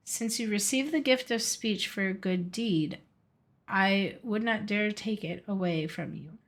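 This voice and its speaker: A woman reading a storybook aloud, voicing a stern regal Ice King in a slow, hushed, solemn manner. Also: mid-range voice.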